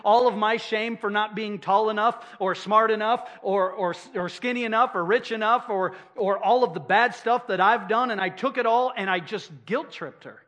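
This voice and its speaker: A man's voice: sits high, moderate pace, few pauses, a bit bright. A middle-aged man pastor delivering a sermon, emphatic and repeating key phrases for effect.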